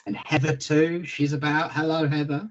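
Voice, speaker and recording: A man's voice: fairly high pitch, flat delivery, normal speed. A man co-hosting a casual online show, friendly and playful as he greets viewers. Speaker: co-host. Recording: lo-fi online stream audio.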